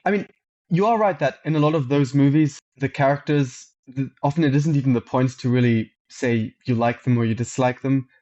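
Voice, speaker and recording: A man's voice: mid-range voice, a little fast, darkish tone, muffled recording. A man guesting on a film podcast, speaking thoughtfully and modestly, with some restarts. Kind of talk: casual film discussion.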